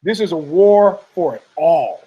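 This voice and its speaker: Man, high-pitched voice, podcast host, rambling rant, profane, heated, stumbles and restarts. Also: animated, unhurried, slightly rough, lo-fi sound. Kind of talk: rambling combative commentary.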